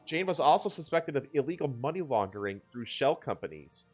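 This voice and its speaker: A man's voice: mid-range voice, big pitch swings, brisk, faint music behind. A man co-hosting a podcast, reading news stories in a loose, joking way and laughing often. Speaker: podcast co-host. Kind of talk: casual news chat.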